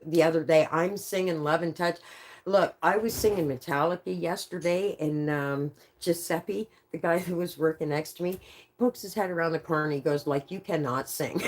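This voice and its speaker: A woman livestreaming, telling casual stories full of swearing and laughing often through her words. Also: on the low side. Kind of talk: casual storytelling on a live stream.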